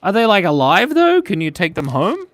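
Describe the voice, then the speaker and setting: Playful Australian man, lively high voice. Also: moderate pace, a little hiss or hum. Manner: playful, animated, reads viewer chat aloud. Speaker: live drawing stream host. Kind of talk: live-stream chat while drawing.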